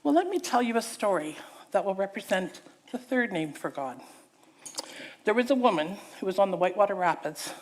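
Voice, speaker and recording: A brisk, mid-range female voice belongs to a preacher delivering a sermon in church. She brings a story to life with theatrical character voices, animated and keen to engage her audience.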